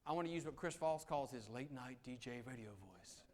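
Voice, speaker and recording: An attorney from the Southern United States gives a negotiation talk to a professional group in a meeting room. His mid-range voice moves a little fast, and the conference presentation is animated and conversational, with him acting out quotes.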